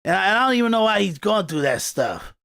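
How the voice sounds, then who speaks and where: A man's voice: sits high, sing-song, fast, vocal fry, sharp tone, dry recording. A male podcast host giving rambling, irritated commentary on clips, with restarts and repetition. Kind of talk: casual commentary reacting to clips.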